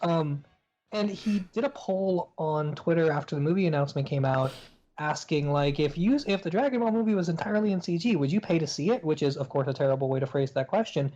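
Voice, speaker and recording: A man's voice: a little high, lively intonation, a little fast, mellow. Exasperated ranting man, lo-fi audio. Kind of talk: casual podcast chat. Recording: dull lo-fi audio with faint music.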